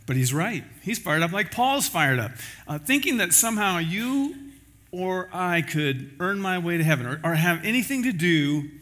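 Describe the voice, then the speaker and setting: A man's voice: high voice, very animated, normal speed, a bit bright. A man preaching a sermon as pastor, in a conversational style with everyday examples.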